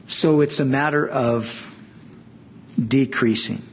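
A middle-aged man preaching with slow, deliberate pacing and long pauses between phrases. He drives his points home with earnest emphasis. A faint ambient hiss sits under his voice. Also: medium pitch. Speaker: pastor. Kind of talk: sermon.

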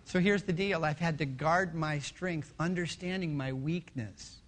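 A middle-aged male pastor preaching a sermon with passion, swinging from loud to hushed. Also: a little high, measured pace, a little hiss or hum.

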